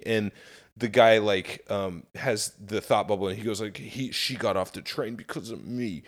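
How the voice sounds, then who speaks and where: A man's voice: on the low side, unhurried. Profane man in casual chat. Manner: profane, animated storytelling. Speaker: podcast co-host.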